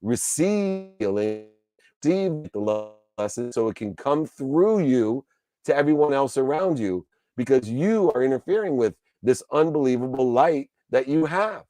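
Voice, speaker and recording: A male motivational speaker delivering an emphatic, preachy talk built on rhythmic repeated lists. His voice is mellow and warm, and the sound is dry and close. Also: mid-range voice, animated, a little slow, dry recording. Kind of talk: motivational speech.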